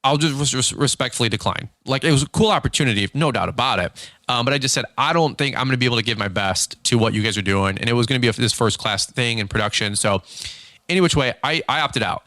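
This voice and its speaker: A man hosting his own channel, telling a rambling, animated story with lots of fillers and restarts in a casual vlog recap. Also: medium pitch, fast, no room sound. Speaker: show host.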